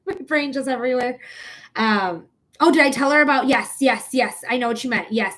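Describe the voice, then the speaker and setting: A woman's voice: high voice, fairly quick, fairly bright tone. A woman chatting on a live stream as a psychic reader, rambling and frank, swearing freely as she talks straight to viewers. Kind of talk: casual live-stream chat.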